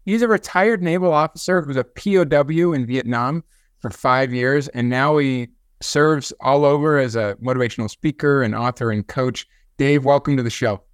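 Clear-voiced male podcast host. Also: medium pitch, moderate pace, no room sound, clean studio sound. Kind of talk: interview hosting.

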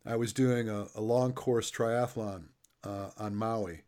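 A man's voice: fairly low pitch, fairly even intonation, slow pace, warm tone. A middle-aged man interviewing a guest, chatty and fond of telling stories while laughing along. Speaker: interviewer and coach. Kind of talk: casual interview chat.

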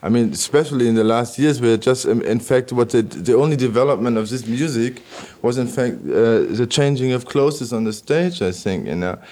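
A man being interviewed about his work as an electronic musician, answering in halting non-native English with constant "you know" fillers and many restarts. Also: medium pitch, warm tone.

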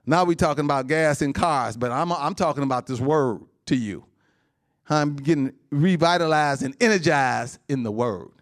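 A man pastor preaching a sermon, calling out to the congregation, laughing as he talks and surging high and loud, then dropping to a hushed prayer. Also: normal speed. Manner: animated, surges high and loud, laughs through lines, calls out "Amen?" and "Huh?"; drops to a hushed, soft tone in prayer.

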